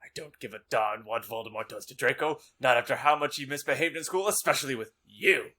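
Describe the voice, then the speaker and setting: A man's voice: mid-range voice, a little fast, bright, forceful tone. A man voicing a spiteful old male wizard headmaster in a comedic dramatic reading, snide and dismissive.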